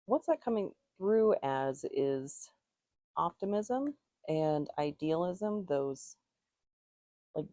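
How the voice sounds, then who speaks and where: Slow, dark-voiced woman doing a tarot reading, bit stuffy, wanders as she muses. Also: low voice, no echo. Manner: musing, meandering delivery. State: slightly stuffy nose. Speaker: tarot reader.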